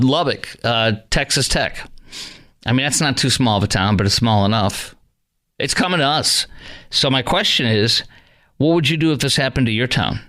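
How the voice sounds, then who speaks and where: A man's voice: mid-range voice, a bit bright. Male talk radio host, indignant and rambling, mid-range voice, lots of ums. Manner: indignant, rambling, many fillers and restarts.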